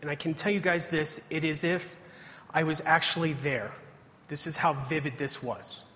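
A man's voice: fairly high pitch, normal speed, sharp tone. Earnest male preacher in a reverberant hall. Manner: earnest storytelling, reads scripture aloud. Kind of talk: testimony sermon.

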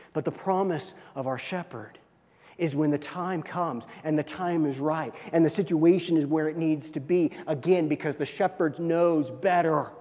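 A man preaching a sermon as pastor, swinging between hushed lines and emphatic, rising ones. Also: a little high. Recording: reverberant hall.

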